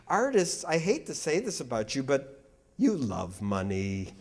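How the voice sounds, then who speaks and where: A man with a fairly high voice gives a public lecture as an art critic, joking with and teasing his audience. He's animated and quick to banter, and there's a little hiss or hum in the recording.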